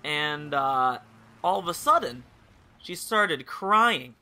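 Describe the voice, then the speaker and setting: A man's voice: a little high, expressive, slow pace, sharp tone. A young man casually telling a rambling personal story over gameplay commentary, candid and swearing freely. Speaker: gaming channel host.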